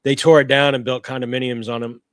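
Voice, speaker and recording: A man with a Midwestern American accent talks in a relaxed, joking manner as a paranormal podcast co-host. His voice is mid-range and recorded dry and close. He chats casually and often slips in wry asides. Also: medium pitch, quick pace, dry recording. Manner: easygoing, joking, chimes in with short replies. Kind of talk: casual chat.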